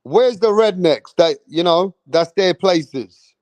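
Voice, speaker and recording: Slow-talking man on a livestream. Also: high voice, expressive, a little mellow, no room sound. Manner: loose, rambling, swears freely, slangy. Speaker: livestream host. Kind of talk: casual livestream chat reading viewer comments.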